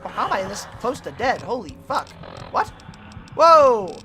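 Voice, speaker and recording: A woman's voice: mid-range voice, very animated, brisk. Chatty woman streamer over game music. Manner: chatty, swears freely, talks to chat while playing. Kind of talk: casual gameplay streaming.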